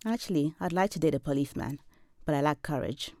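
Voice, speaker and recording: A woman in her forties from Zambia reads her own first-person story in a measured, wry, deadpan delivery. Her voice sits very low for a woman. It is recorded close and dry, with no room sound. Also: dry recording. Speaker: professor and storyteller.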